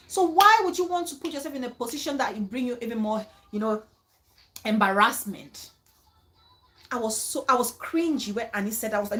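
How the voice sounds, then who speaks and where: A woman hosting a casual, animated reaction chat about a reality show, acting out other people's words. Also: a little high, brisk, poor audio. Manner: animated, dramatic, quotes others in mock voices.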